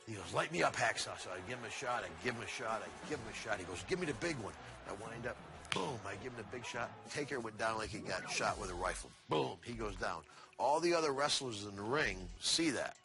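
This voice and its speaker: An older man, a former wrestler, telling a backstage story in a casual, animated way and acting out the other people's voices. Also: on the low side, a little fast, music in the background. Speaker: retired wrestler. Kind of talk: anecdotal storytelling.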